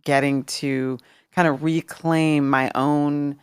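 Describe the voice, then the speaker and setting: A woman's voice: sits low, fairly even intonation, slow pace, clean tone, dry recording, studio quality. A woman in her fifties from Washington, D.C., talking candidly and thoughtfully as an interview guest. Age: 50s. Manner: reflective, candid. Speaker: interview guest, former music executive. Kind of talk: casual interview.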